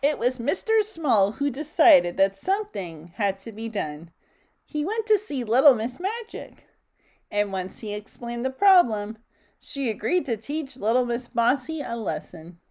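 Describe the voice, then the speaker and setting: A woman reading a children's picture book aloud in a gentle, expressive way, chatting to her listeners. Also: a little high, unhurried. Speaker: storybook reader. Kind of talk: children's story read-aloud.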